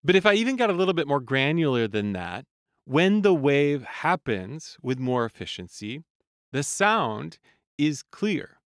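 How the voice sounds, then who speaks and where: A man who coaches singers, explaining vocal function in a calm, measured podcast lesson. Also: a little high, no echo, clean studio sound. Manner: calm, explanatory, demonstrates sung vowel sounds.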